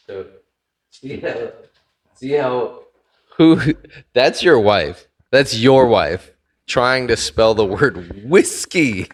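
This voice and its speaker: A man co-hosting a casual podcast chat, talking loosely with plenty of fillers, swearing and frequent laughter. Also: mid-range voice. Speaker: podcast co-host.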